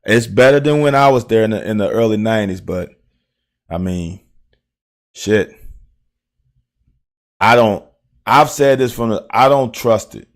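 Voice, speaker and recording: A middle-aged former player with a Southern American accent breaks down game film in casual, profane live-stream chats, addressing viewers bluntly. His voice is lowish, measured in pace, and marked by long pauses.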